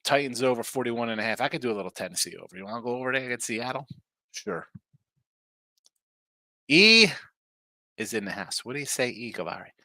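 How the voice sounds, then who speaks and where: A man hosting a live sports betting show, chatting fast and casually while reading viewer comments aloud. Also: mid-range voice, animated, sharp tone, no room sound. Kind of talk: casual live-stream chat.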